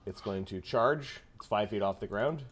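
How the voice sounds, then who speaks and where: A man narrating a tabletop game as game master, halting and full of fillers and restarts. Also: lowish voice, a little hiss or hum.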